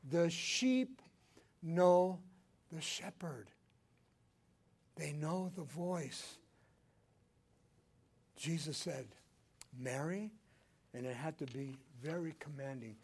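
An older man preaching a sermon, swinging between loud emphatic lines and hushed ones. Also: fairly high pitch, slow, long pauses, husky. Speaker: pastor.

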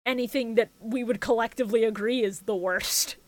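A woman's voice: fairly high pitch, fairly even intonation, fairly quick, no room sound. A woman co-hosting a casual podcast chat, leading the segment, swearing casually and laughing often.

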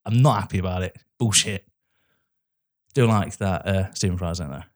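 Here a podcast co-host from England, in his thirties, speaks in a low voice at a moderate pace. He laughs a lot while animatedly ranting about a film in a relaxed back-and-forth.

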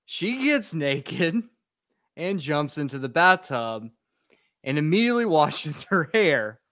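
A man's voice: on the high side, sing-song, slow, a bit bright, dry recording, clean studio sound. A man co-hosting a podcast who recaps a film with sarcastic, profane storytelling. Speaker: podcast co-host.

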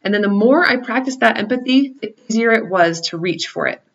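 A woman in her thirties telling a personal story about her children in an earnest, reflective way, with soft laughs at herself. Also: on the high side, expressive, fairly quick, breathy edge. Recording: slightly dull lo-fi recording.

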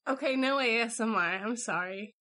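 Middle-aged woman, podcast co-host, slightly high pitch, wry, joking. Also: pushed and bright. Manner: wry, quick joking asides. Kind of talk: casual podcast chat.

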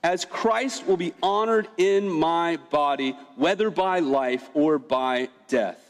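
A man preaching a sermon as pastor, emphatic and animated, asking rhetorical questions. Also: fairly high pitch, slow, big-room sound, faint music behind.

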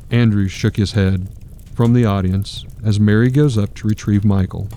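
Brief: male narrator, grave and measured, low and mellow, faint hiss behind. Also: fairly even intonation. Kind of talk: dramatic storytelling narration.

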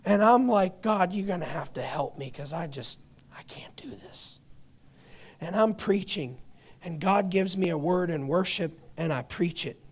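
A middle-aged pastor preaches a sermon in a high-pitched voice at normal speed. His storytelling is passionate, swinging between hushed, quiet stretches and loud, emphatic peaks.

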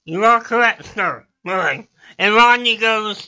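A man's voice: high voice, bright, forceful tone, clean tone, rough recording. A man, a guest comedian, telling long jokes in a studio chat and dropping into character voices for the punchlines. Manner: drawn-out joke delivery with character voices. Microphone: studio microphone.

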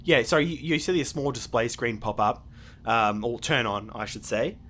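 Man, game master, mid-pitched voice, rambling narration, filler-heavy. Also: animated, normal speed, bright, forceful tone, a little hiss or hum. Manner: rambling, full of fillers and restarts.

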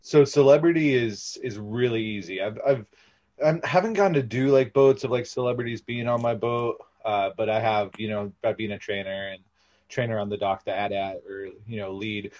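Animated rambling young man, dull recording. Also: fairly low pitch, moderate pace. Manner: animated, rambling, filler-heavy with frequent laughs. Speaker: podcast guest, former theme park ride guide. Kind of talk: casual storytelling interview.

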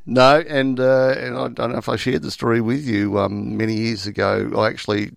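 A man's voice: medium pitch, flat delivery, brisk, vocal fry, dry recording, studio quality. A man co-hosting a radio show, telling a story in a rambling, casual way with lots of restarts. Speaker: radio co-host.

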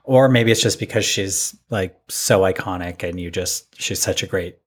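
A man's voice: sits low, moderate pace, slightly rough. A man from North America co-hosting a podcast, recapping episodes in a chatty, laughing way. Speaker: podcast co-host. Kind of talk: casual chat.

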